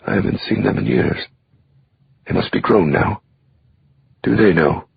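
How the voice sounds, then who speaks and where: A man voicing a short, amiable older man with a mild, soft-spoken manner, in an audiobook. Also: sits low, measured pace, vocal fry, slightly rough, no room sound, lo-fi sound, pitched above the performer's own voice, full character voice. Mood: stunned.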